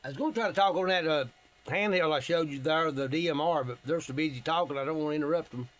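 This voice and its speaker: A man from Tennessee, relaxed and plain-spoken, explaining his ham radio as he makes calls. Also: on the high side, fast talker. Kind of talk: casual radio demo and on-air calls.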